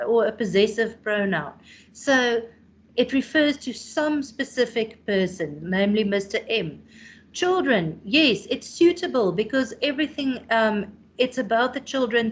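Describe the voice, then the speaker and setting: A South African woman in her thirties leads a classroom revision lesson with a fairly high voice. She explains terms patiently, calls on students by name, and checks understanding with a quick "hey?". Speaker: teacher.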